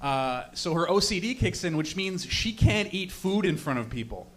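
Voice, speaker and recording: A man's voice: high-pitched, lively intonation, normal speed, slight background noise. A young man performing a rambling, profane stand-up set on stage, laughing at his own stories. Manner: loose, rambling storytelling with frequent laughs and profanity. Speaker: stand-up comedian. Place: comedy stage before a live audience.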